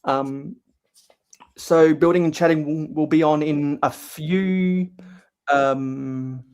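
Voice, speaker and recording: A man's voice: on the high side, steady tone, slow pace, a little mellow, smooth. A man hosting a casual livestream while building LEGO. He talks hesitantly with many fillers and reads viewers' chat aloud. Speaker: livestream host.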